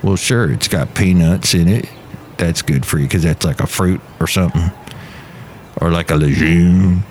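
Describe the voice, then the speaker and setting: A man voicing a disgruntled fiddle player, gruff and boastful. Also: low-pitched, moderate pace, a little mellow, a little hiss or hum, voice pushed down, natural voice. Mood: grumbly.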